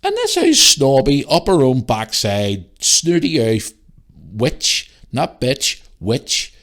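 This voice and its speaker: A young man, hosting a podcast and telling a story in an animated, swearing rant. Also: medium pitch, takes it slowly. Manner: animated ranting, swears freely. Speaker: podcast host. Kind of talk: casual storytelling monologue.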